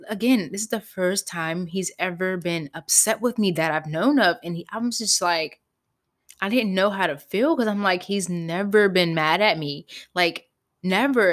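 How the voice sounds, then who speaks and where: A young woman hosting a podcast, telling a personal story in a candid, animated way, swearing freely. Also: fairly low pitch. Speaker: podcast host. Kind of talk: casual storytelling.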